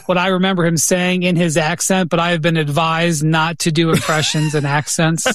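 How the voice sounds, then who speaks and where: A man co-hosting a casual chat, joking with quick reactions. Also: fairly high pitch, level tone, a bit bright, slight background noise.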